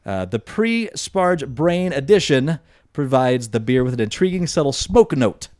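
A man's voice: mid-range voice, very animated, measured pace, a little mellow, no echo. A man hosting a casual podcast, reading offbeat news stories aloud and adding remarks. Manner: reads stories aloud with asides.

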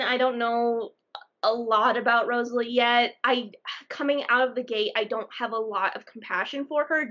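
A woman co-hosting a podcast, chatting casually about a book in an animated way, with frequent restarts. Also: on the high side, highs cut off. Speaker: podcast co-host.

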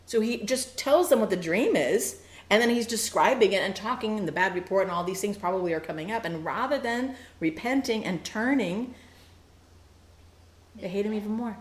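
Woman Bible teacher, animated, playful asides, mid-range voice, roomy echo. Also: medium pitch, moderate pace. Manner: animated, acts out quoted lines with playful asides.

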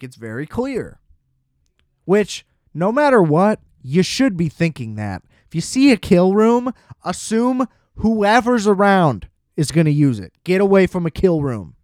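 A man retells a film plot in a loose, rambling way, dropping "like" constantly and swearing bluntly. His voice sits a little on the high side. The sound is close and dry, with no room around it. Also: sing-song, a little slow, a little mellow, no room sound. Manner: loose and chatty, heavy "like" fillers, blunt swearing. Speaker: film reviewer. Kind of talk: casual film plot recap.

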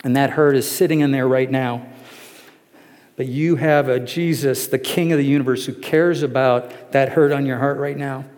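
A male pastor preaching a sermon, telling a story earnestly and emotionally, often dropping to a soft pleading tone. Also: mid-range voice, steady tone, normal speed, in a large hall.

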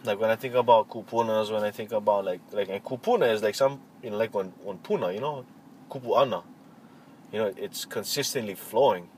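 Halting man. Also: on the low side, a little mellow, poor audio. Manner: halting, many fillers and restarts. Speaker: interviewee, cultural practitioner. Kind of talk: casual reflective interview. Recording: faint vehicle noise behind.

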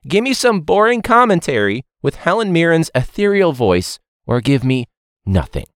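Ranting, lively-voiced male podcast host. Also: fairly high pitch, normal speed, no room sound, studio quality. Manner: rambling, swears, laughs often, sarcastic rants. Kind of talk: casual ranting monologue.

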